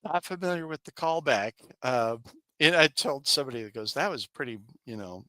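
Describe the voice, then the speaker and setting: A man's voice: a little fast, dry recording. A man co-hosting a podcast, telling a work story in casual chat, laughing often and acting out coworkers. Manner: animated storyteller, laughs often, acts out coworkers in higher voices. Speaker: podcast co-host.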